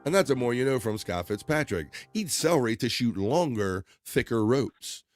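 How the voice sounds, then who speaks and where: A man's voice: medium pitch, big pitch swings, moderate pace, dry recording, faint music behind. A man hosting a podcast, chatting casually while he plays and comments on video clips, laughing often and trailing off mid-sentence. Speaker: podcast host showing clips.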